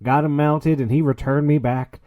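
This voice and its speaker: A man's voice: a little high, fairly even intonation, moderate pace, dry recording, phone-quality sound, close to an everyday voice. A man putting on a boastful Southern cowboy drawl as a rowdy rodeo host. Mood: boisterous. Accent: put-on Southern cowboy drawl. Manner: whooping, boastful showman.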